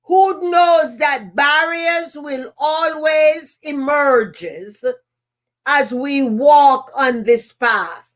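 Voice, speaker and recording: A woman's voice: high-pitched, extremely slow. A woman with a Jamaican accent, a podcast host and motivational speaker telling a personal story in an emphatic way, repeating key phrases.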